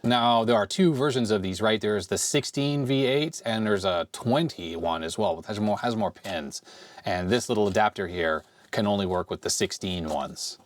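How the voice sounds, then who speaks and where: A man in his forties with a slightly hoarse voice from a cold, casually thinking aloud as he tinkers with retro computer hardware. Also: on the low side, normal speed. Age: 40s. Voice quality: slightly raspy. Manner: rambling, thinks aloud while handling hardware. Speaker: retro computer video host. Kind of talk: casual hands-on tech vlog. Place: home workbench.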